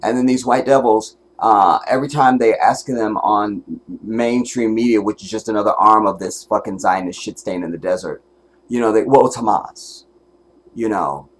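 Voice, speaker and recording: A man's voice: on the low side, fairly even intonation, moderate pace. A man hosting a livestream and giving commentary in an angry, profane, emotional rant, at times close to tears. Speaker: livestream host.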